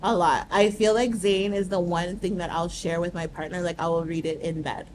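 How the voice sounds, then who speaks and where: A woman guest on a podcast in casual chat, telling stories lively and acting out what others said. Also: fairly low pitch, moderate pace, a little hiss or hum. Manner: animated storyteller, acts out quoted remarks.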